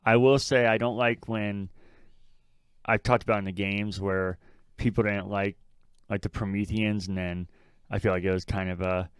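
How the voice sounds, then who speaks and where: A man's voice: fairly low pitch, level tone, moderate pace, smooth, no echo, clean studio sound. A man co-hosting a podcast, talking casually, rambling and swearing freely. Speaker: podcast co-host. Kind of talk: casual chat.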